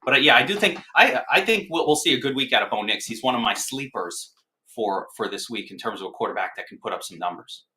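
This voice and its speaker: A man giving fantasy football picks on a casual sports talk show, halting and heavy with fillers. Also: medium pitch, expressive, sharp tone. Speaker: fantasy football guest analyst.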